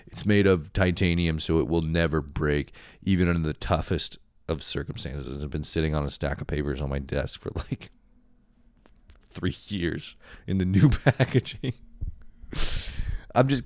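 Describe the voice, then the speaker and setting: A man's voice: low voice, a little slow, pauses often, a little mellow, no room sound, clean studio sound. A young man hosting a solo podcast, rambling and swearing with self-mocking laughs. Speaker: podcast host. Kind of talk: solo comedic podcast rant.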